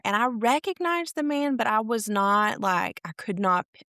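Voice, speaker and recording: A woman's voice: a little high, lively intonation, normal speed, bright, forceful tone, no echo, studio quality. A woman, co-hosting a faith podcast, telling a personal story earnestly in casual chat. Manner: earnest, acts out quotes of others. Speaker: podcast co-host.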